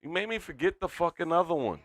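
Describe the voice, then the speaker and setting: A man co-hosting a live stream, talking loudly and with lots of swearing, drinking tequila as he chats. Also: a little high, quick pace, no echo. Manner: loud, profane, animated storytelling. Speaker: stream co-host. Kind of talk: casual stream chat.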